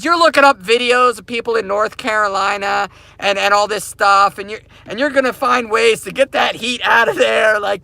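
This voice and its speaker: A man's voice: high-pitched, creaky, pushed and bright, no room sound. A man hosting a crypto mining channel, ranting casually to his viewers from inside his parked car, repetitive and emphatic.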